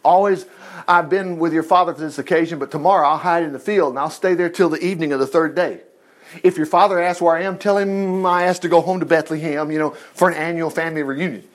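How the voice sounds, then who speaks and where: A man's voice: a little high, fast talker, close to an everyday voice. A man reading as an anxious young fugitive. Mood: urgent. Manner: earnest, urgent pleading.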